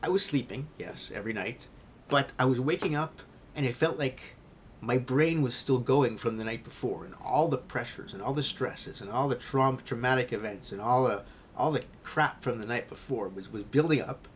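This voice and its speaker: A man tells a personal story on his vlog with candor, rambling, starting over many times, and often sinking into a near-whisper. He speaks at medium pitch and a moderate pace over slight background noise.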